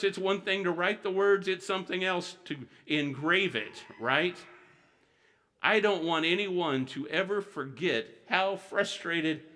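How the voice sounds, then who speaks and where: A man preaching a sermon in a church, earnest, asking his congregation questions and reading scripture slowly with weight. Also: high-pitched, sharp tone. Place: church sanctuary.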